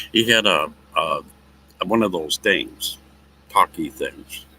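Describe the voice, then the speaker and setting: A man with a very low but bright, forceful voice tells a rambling story to his livestream viewers, chuckling as he goes. He sits outdoors at a picnic table, with faint ambient noise and dogs around him. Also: low-quality recording. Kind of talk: casual storytelling chat. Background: faint outdoor ambience, dogs nearby.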